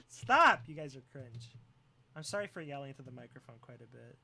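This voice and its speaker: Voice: mid-range voice, quick pace, creaky. A live streamer chatting casually with viewers, joking, teasing and often breaking into laughter.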